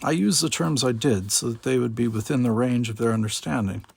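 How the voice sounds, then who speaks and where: A logical, unruffled alien officer speaking in measured, formal sentences, as a man reads him. The voice is gravelly and close. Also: mid-range voice, dry recording. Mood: calm. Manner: calm, formal.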